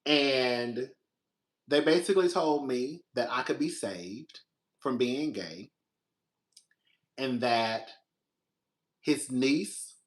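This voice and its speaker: The show's young male host draws out his words and leaves long pauses as he casually recounts a personal story. He is animated and shifts into a high voice to quote his own reactions.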